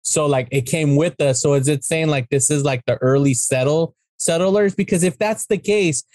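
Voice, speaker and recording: A man with a high-pitched voice chats loosely about a film, swearing often and slipping into quoted lines from the characters. The sound is dry and close, with no room around it. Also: normal speed, darkish tone, no echo. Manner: rambling, profane, acts out characters' lines in quotes. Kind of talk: casual movie discussion.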